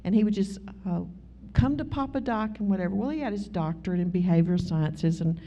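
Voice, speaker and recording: Middle-aged woman, Bible study teacher, mellow voice, storytelling, dull lo-fi recording. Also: mid-range voice, a little fast. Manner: chatty storyteller who acts out both sides of dialogues. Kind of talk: informal Bible teaching with personal stories.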